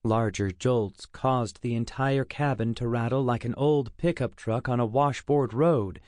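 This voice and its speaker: Here a male narrator of ordinary pitch reads an audiobook at an even, measured pace. Captured close-up in a studio, the sound is dry and free of echo.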